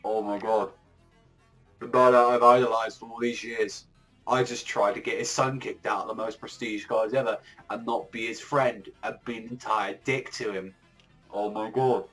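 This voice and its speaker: A man's voice: on the low side, fairly even intonation, normal speed, a bit bright, faint music behind, lightly acted, poor audio. A man voicing a proud young woman in horrified despair, in a voice close to his own.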